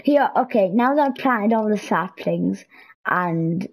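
A young woman giving casual, excitable commentary while playing a video game, pleading with and scolding game characters. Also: medium pitch, unhurried, breathy edge, rough recording. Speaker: gameplay streamer. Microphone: headset or console mic.

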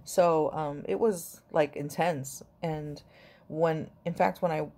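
A woman's voice: deep voice, steady tone, takes it slowly, warm tone. A middle-aged woman, a grandmother, chatting casually to camera in a rambling, affectionate way. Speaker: vlogger.

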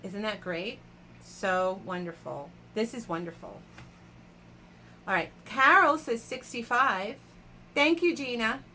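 A woman's voice: on the high side, slow, pauses often, sharp tone, slight background noise. A woman hosting a casual live jewelry auction stream, chatting with viewers by name and laughing often.

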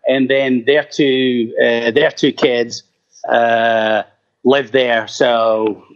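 A man's voice: mid-range voice, level tone, drawn-out words, highs cut off. A man from Scotland, a rock singer as interview guest, chatting casually in a rambling, self-deprecating way with plenty of swearing.

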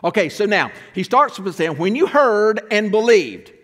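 High-voiced guy preaching, asks the church questions, big echoey sanctuary. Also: big pitch swings, normal speed, fairly bright tone. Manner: explains and asks the congregation questions. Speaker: pastor. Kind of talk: sermon. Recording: long church reverb.

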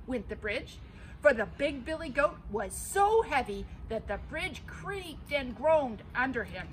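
Animated woman pastor reading a folk tale. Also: a little high, takes it slowly, a little hiss or hum, poor audio. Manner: animated, theatrical storytelling.

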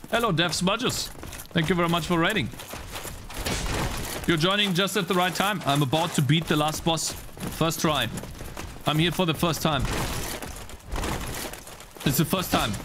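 A man streaming live gameplay, chatting to viewers and reacting excitably. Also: fairly high pitch, noisy background. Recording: game music underneath.

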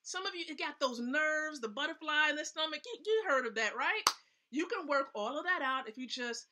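Bright, chatty woman coaching on a live stream. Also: sits high, animated, a little fast, a little hiss or hum. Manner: chatty, emphatic, asks the audience questions. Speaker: host.

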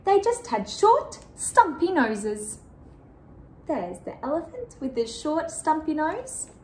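A woman reading a picture book aloud to children, animated and asking the listener questions. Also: high voice, slow pace, roomy sound, a little hiss or hum. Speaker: children's storyteller.

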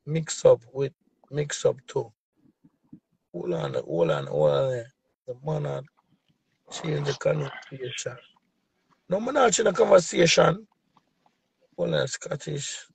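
Jamaican man, excitable caller, high and raspy, keeps cutting in. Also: slow, pauses often, dry recording. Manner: excited, insistent, repeats himself. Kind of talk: casual livestream banter.

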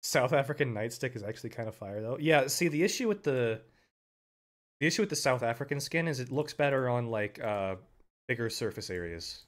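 A young man streaming a game, chatting casually with viewers, laughing often and breaking into loud outbursts. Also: medium pitch, lively intonation, brisk. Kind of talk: casual live-stream commentary.

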